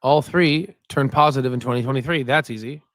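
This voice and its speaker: Hosting a stock market livestream, a man rambles casually about viewer comments and repeatedly tacks on "right?" as a filler. His mid-range voice is fairly bright and a little fast, and the clean studio sound has no echo.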